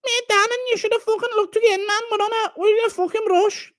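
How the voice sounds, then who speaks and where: A man's voice: very high-pitched, steady tone, fast talker, fairly bright tone, pitched above the performer's own voice. A man putting on the voice of an impatient man in a rush.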